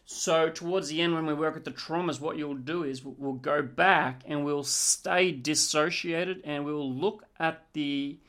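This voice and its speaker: An NLP trainer talks through a lesson on future pacing and leads sections of guided imagery. The delivery is animated, with short acted-out client lines, and it slows down and drops to a soft level for the calm imagery parts. The pitch sits in a middle range. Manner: animated, acts out client voices, hushed guided-imagery passages. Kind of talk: teaching with guided demonstration.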